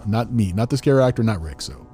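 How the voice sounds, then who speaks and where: A man hosting a podcast, telling stories in a casual, animated way, laughing often and repeating words as he starts sentences. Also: on the low side, a little fast, faint music behind. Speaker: podcast host and former scare actor. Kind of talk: casual storytelling chat.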